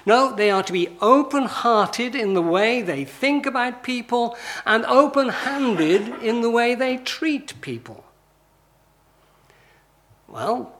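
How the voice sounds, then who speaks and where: High-voiced preacher, conversational. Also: male voice, fairly bright tone. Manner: conversational, rhetorical questions, emphatic lists. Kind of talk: sermon.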